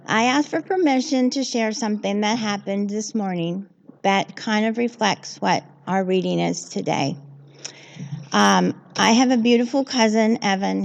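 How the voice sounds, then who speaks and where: A woman's voice: medium pitch, vocal fry, dull audio. A woman reading at a church service, telling a personal story in a heartfelt, earnest way. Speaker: service reader. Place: church sanctuary.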